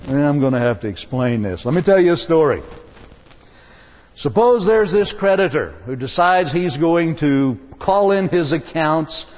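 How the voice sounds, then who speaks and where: A man preaching a sermon with humor, telling a story and acting out the voices. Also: on the high side. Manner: animated, jokey, acts out voices. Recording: dull sound, long hall reverb.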